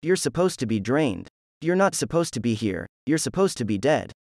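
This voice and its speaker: A man's voice: mid-range voice, very animated, normal speed, darkish tone, dry recording. A gloating, cruel older villain from a storybook fight scene, as a male reader puts him on. He taunts his foes smugly in a mid-range voice. The recording is dry and close. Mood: angry.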